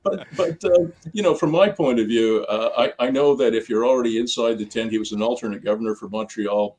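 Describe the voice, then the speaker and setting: A man's voice: medium pitch, brisk, a little mellow. An older man, a guest on an interview show, answering questions in a chatty, storytelling way and laughing between his points. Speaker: guest, sports team founder. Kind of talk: casual interview talk. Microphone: on camera, video interview.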